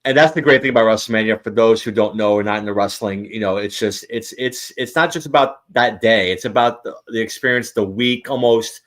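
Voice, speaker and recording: A man's voice: on the low side, a little fast, hardly any pauses. A man hosting a casual show, talking in a rambling way with many restarts. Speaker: host. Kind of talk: casual chat.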